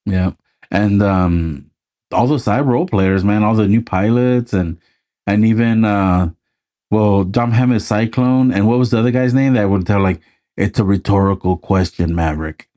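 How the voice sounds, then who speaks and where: Laid-back man with a dark, low voice. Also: normal speed. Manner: laid-back, swears freely, acts out quotes. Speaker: podcast co-host. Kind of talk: casual chat.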